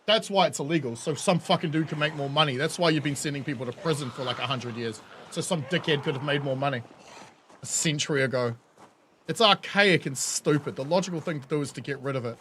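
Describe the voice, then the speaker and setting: A New Zealand man talks over his game stream in a high, lively voice, laughing often and swearing freely as he rants to chat. The recording carries a clear layer of background noise. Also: quick pace. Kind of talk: casual live-stream chat.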